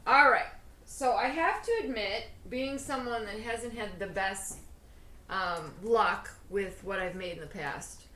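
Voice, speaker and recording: A bubbly woman hosts her home cooking show, rambling cheerfully and poking fun at herself. Her voice sits at an ordinary middle pitch. The kitchen around her sounds echoey, with a faint hum of room noise. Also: slow, pushed and bright. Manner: bubbly, self-deprecating, rambling with fillers. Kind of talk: casual cooking vlog chat.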